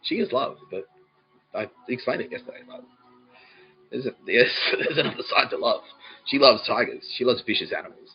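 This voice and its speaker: A man's voice: medium pitch, fairly quick, vocal fry, breathy edge. A man, hosting a podcast in a rambling comedic monologue, swearing often and laughing mid-sentence. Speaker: podcast host. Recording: dull lo-fi recording with faint music.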